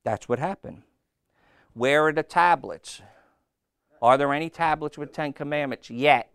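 A man preaching a sermon, telling a story with lively, playful asides and asking his listeners questions. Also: fairly high pitch, unhurried, creaky, smooth, dry recording. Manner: animated storytelling, acting out voices, asks the crowd questions.

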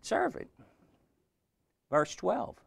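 A man's voice: drawn-out words, dry recording, studio quality. A man preaching a sermon in an emphatic way, often repeating his phrases.

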